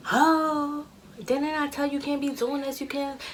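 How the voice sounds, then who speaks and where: A woman's voice: high-pitched, little pitch movement, unhurried, slight background noise, voice pushed up. A woman voicing a suspicious, possessive male detective who insists and brags. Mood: insistent. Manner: insistent, boastful.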